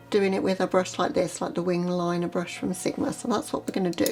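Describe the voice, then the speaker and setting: A woman vlogger talking through a makeup look step by step in a relaxed, chatty way. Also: fairly low pitch. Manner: chatty, relaxed, explains as she works. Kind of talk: makeup tutorial narration.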